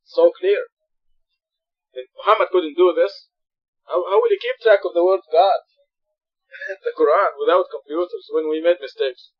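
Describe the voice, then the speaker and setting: A man leads a scripture study lesson, earnest and emphatic as he explains each point. His voice sits high for a man. The recording is dull and lo-fi, as if captured in a mosque long ago. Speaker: religious study teacher.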